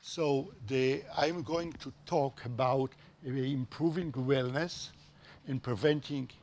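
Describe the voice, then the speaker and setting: A man giving a halting conference talk as a panel speaker, with many hesitations. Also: mid-range voice, a little mellow, slight background noise.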